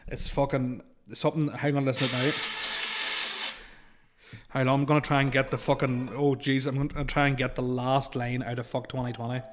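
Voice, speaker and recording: A man chatting casually as a podcast co-host, sweary and excitable, laughing often. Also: mid-range voice, fairly quick, background noise. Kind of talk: casual chat.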